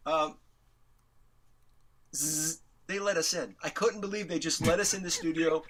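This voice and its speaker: A middle-aged man from New York, an interview guest, telling a story animatedly, acting out quotes with big jumps in pitch and swearing casually. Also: measured pace, a bit bright.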